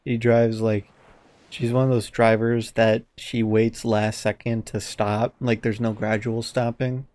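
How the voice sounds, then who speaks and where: A male podcast co-host animatedly tells a story in casual conversation, acting out quotes and swearing frequently. He speaks at a measured pace in a fairly low voice.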